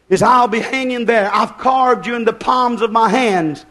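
A man preaching a sermon, building to shouted climaxes and dropping to hushed passages. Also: very high-pitched, normal speed. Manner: impassioned, shouting in bursts, then hushed.

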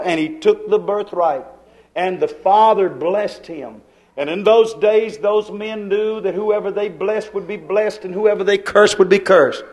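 Folksy preacher guy, pretty high voice, repeats himself a lot. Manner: folksy storytelling, repeats phrases. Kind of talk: sermon.

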